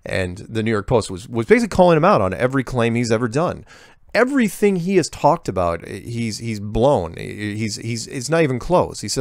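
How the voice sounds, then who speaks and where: A man's voice: mid-range voice, sing-song, normal speed, no room sound, studio quality. A man hosting a show where he reads and answers viewer emails in a rambling, casual way, often restarting his sentences and making sarcastic asides. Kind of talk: casual monologue reading emails.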